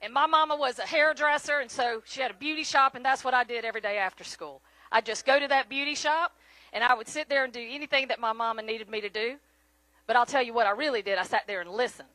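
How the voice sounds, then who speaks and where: A woman's voice: high voice, bright, forceful tone, no echo. A woman with a Middle Georgia Southern accent giving a folksy, chatty rally speech, often turning to the crowd with questions. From Middle Georgia, USA. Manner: folksy, chatty, keeps asking the crowd "right?". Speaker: state senator and candidate.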